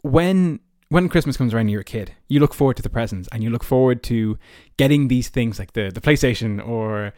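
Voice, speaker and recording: Young irish guy, podcast host, casual storytelling, lots of fillers, mid-pitched voice, dry close sound. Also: a little fast, few pauses, dark tone, no room sound. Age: early 20s. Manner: chatty, many fillers like "like" and "you know".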